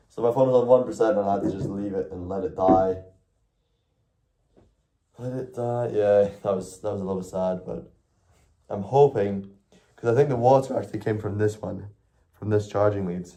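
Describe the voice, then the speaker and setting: A young man talks casually on a live stream in a slightly low voice. He rambles and corrects himself mid-thought. Swearing comes easily in his chat. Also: mellow. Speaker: IRL streamer.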